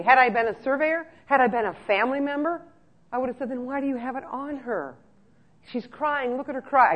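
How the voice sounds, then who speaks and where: A middle-aged woman giving a lively conference talk to care staff, telling stories and checking in with her listeners. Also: medium pitch. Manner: lively storyteller, checks in with "okay?" often. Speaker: speaker on nursing home care. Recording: muffled lo-fi recording.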